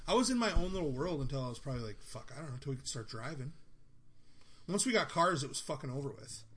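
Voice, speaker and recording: A man's voice: mid-range voice, big pitch swings, quick pace, fairly bright tone, husky. A man from North Dakota hosting a podcast, talking in rambling casual chat with a lot of swearing. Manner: rambling, profane, chuckling. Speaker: podcast host.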